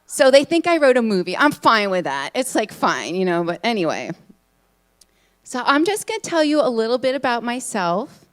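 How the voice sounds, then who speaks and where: A woman giving a live talk to an audience, chatty and excitable, with many fillers. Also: on the high side, normal speed. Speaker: conference speaker, hypnotist. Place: event room in front of an audience.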